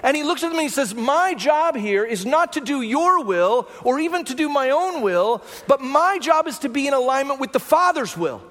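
A man's voice: extremely high pitch, very animated, normal speed, hardly any pauses, a bit bright, long reverb tail. A man preaching a sermon as pastor, talking through the scripture in a conversational way and often checking in with the congregation. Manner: conversational preaching with rhetorical "right?" asides.

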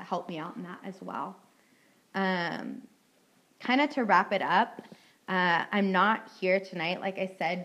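A woman's voice: fairly low pitch, low-quality recording. Earnest young woman sharing her testimony. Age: young adult. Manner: earnest, heartfelt, frequent "like" and "um" fillers. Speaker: student speaker at a youth ministry meeting. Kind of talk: personal testimony talk.

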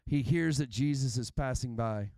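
A pastor preaches a sermon in church, his voice medium-pitched and dark, at a moderate pace with no room sound. He tells stories, acts out the quotes of the people in them, and builds in intensity as he goes.

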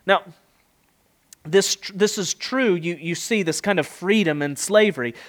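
A man's voice: high voice, measured pace, fairly bright tone. A middle-aged man preaching an expository sermon, emphatic, with rhetorical questions and rising and falling delivery.

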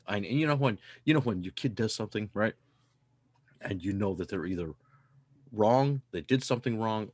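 A man's voice: fairly low pitch, husky, no room sound. A man in his thirties hosting a casual podcast, ranting with heavy profanity and mounting fire. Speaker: podcast host.

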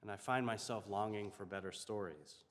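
A man, a chaplain, telling a story in a reflective, measured way. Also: fairly low pitch, in a large hall. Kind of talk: storytelling sermon.

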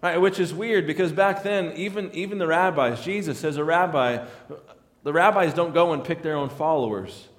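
A man's voice: a little high, moderate pace, in a large hall. A man preaching a sermon in a conversational way, often repeating words as he restarts his lines. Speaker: pastor.

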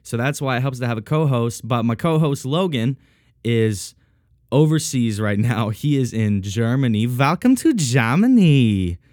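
A man's voice: mid-range voice, lively intonation, measured pace, darkish tone, no room sound, clean studio sound. A man hosting a podcast alone, chatting casually in a joking, rambling way, his voice thick and congested from a sinus cold. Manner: joking, rambling, self-mocking. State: congested, sniffly, sinus-deepened voice. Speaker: podcast host. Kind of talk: casual solo podcast chat.

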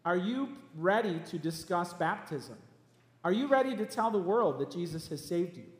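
A man preaching a sermon as pastor of his church, emphatic and animated, with quick asides. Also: a little high. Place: church hall. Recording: echoey church hall.

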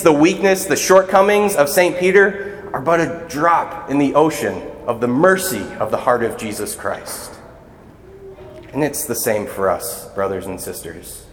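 A man's voice: mid-range voice, slight background noise. A man serving as a deacon, giving a conversational, earnest sermon in a church. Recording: echoey church hall.

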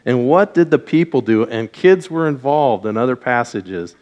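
A man's voice: medium pitch, animated, normal speed, darkish tone, muffled recording. A man giving a children's message in church, asking the kids questions and leading them in call-and-response on a mic. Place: church sanctuary with congregation. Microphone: wears a mic.

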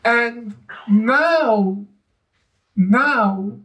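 A man's voice: very high-pitched, extremely slow, a bit bright, far from the mic, low-quality recording. A man, a historian and guest speaker, talking in a live public discussion in an emphatic, storytelling way. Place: live event venue.

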